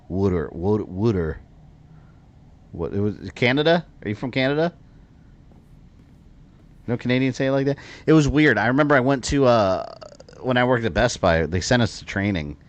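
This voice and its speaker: An American man from Florida, chatting and rambling through live gameplay commentary as a streamer, often drifting off into side stories. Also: sits low. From Florida, USA. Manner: chatty, rambling, wanders off on tangents.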